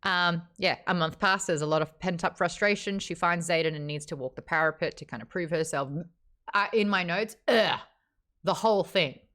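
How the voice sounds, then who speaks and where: A woman hosting a casual live-streamed book club, talking bluntly, swearing freely and ranting in an animated way. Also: fairly low pitch, normal speed. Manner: animated, acts out quotes.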